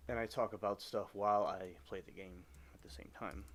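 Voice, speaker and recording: A man chatting casually on a gaming livestream from home, rambling with halting restarts as he talks over his game. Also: fairly low pitch, fairly even intonation, a bit bright, a little hiss or hum. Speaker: live streamer.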